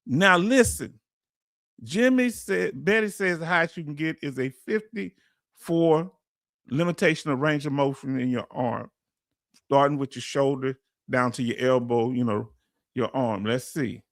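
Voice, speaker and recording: Here the livestream host, a Southern US man with the accent to match, reads viewer comments and explains things in casual, chatty speech. His mid-range voice moves a little slowly, in a studio-quality recording with no room sound.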